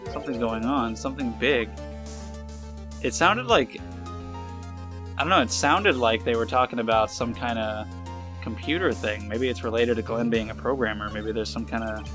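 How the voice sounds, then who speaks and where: A man's voice: mid-range voice, moderate pace, long pauses, over music. A young man casually commenting while playing a game, musing and trailing off unsure. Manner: musing, trails off with "I don't know". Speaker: let's play host.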